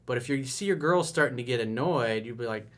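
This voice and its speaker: A man who works as a dating coach, talking casually and with emphasis in a coaching video, his voice often jumping up in pitch and loudness. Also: lively intonation, brisk.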